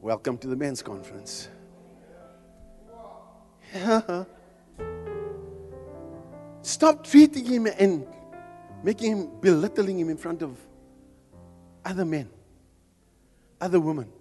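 A man with a strikingly high voice preaches with fire, climbing into shouts and throwing jokes at the crowd. His words ring out in the long reverb of a large hall, with soft music playing behind. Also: very animated, slow pace, long pauses. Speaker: preacher at a men's conference. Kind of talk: fervent sermon.

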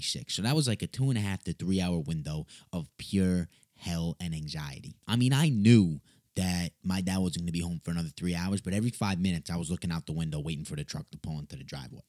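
A young man telling a funny story in a casual, animated way, swearing and mocking himself. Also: sits low, no echo, clean studio sound.

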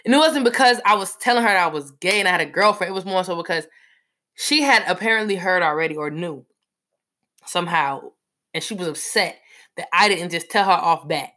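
A woman telling a personal story in a casual, animated way, full of fillers. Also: on the low side, fairly quick.

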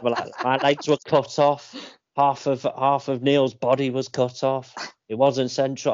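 A man's voice: mid-range voice, little pitch movement, a little slow, a little mellow, dry recording. Male podcast co-host, chatty anecdotal storyteller, dry slightly dull recording. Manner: chatty storyteller, many fillers and restarts. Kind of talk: casual chat.

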